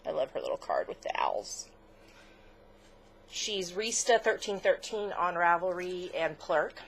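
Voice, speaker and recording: A woman's voice: fairly low pitch, big pitch swings, unhurried, slight background noise. A middle-aged woman co-hosting a crafts podcast in casual chat, gushing, chatty and easily moved. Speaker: podcast co-host.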